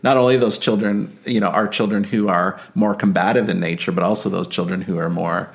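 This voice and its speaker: A man's voice: deep voice, steady tone, fairly quick, vocal fry. A man hosting a casual parenting discussion, hesitant, with many fillers and "right?" tag questions. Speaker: podcast host.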